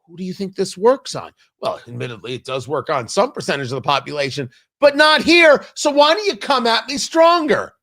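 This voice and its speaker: In a high, sing-song, slightly bright voice, a male talk show host rattles off a combative opinion monologue a little fast, barely pausing. He's emphatic and repeats lines for stress, hammering each point.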